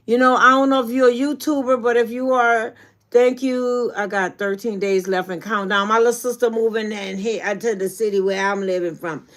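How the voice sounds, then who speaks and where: A woman's voice: mid-range voice, fairly even intonation, moderate pace, fairly bright tone. Folksy woman. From New Orleans. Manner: folksy, preachy, encouraging. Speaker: YouTube coach. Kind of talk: casual livestream talk.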